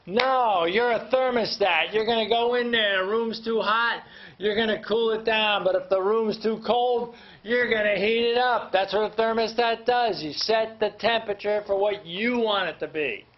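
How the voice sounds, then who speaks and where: A man's voice: high-pitched, moderate pace. A man giving a motivational talk to an audience, emphatic and fired up, speaking to them directly. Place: hall with live audience. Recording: dull lo-fi sound.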